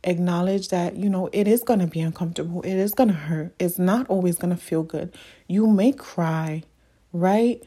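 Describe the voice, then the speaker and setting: A woman's voice: on the low side, moderate pace, dark tone, husky. A young adult woman hosting a solo podcast, talking in an earnest, emotional and encouraging way, often repeating her points. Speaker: podcast host. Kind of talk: heartfelt solo podcast monologue.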